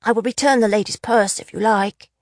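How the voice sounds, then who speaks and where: A woman's voice: mid-range voice, fairly even intonation, a little fast, no room sound, clean studio sound, voice pushed up, lightly acted. A woman voicing a nervous, apologetic young male mine worker who tells fortunes, in a storybook reading. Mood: nervous pleading. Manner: pleading and apologetic.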